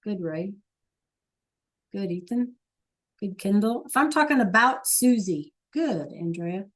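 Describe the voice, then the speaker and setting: A woman's voice: medium pitch, expressive, slow. A woman teaching an online Spanish class, patient and coaxing, asking students question after question over a computer mic.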